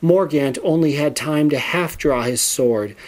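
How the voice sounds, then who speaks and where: A man narrating a storybook in a steady, measured reading voice. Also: on the high side.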